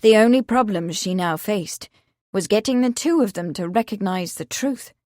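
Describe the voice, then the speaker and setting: A woman narrates a novel in a measured, even storytelling manner. Her voice sits in a middling range. The studio sound is dry and close, with no room echo. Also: medium pitch. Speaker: audiobook narrator. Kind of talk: scripted narration.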